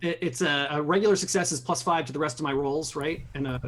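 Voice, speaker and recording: A man's voice: fairly high pitch, quick pace. A young man playing a tabletop game, hesitant at times and then describing his character's actions vividly. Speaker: player. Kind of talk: tabletop role-play chat.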